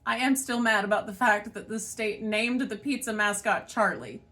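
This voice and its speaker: A woman's voice: medium pitch, normal speed, bright, forceful tone. A woman venting her frustration in a monologue, swearing often and sighing between thoughts. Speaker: spiritual channel host. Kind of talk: emotional monologue vent.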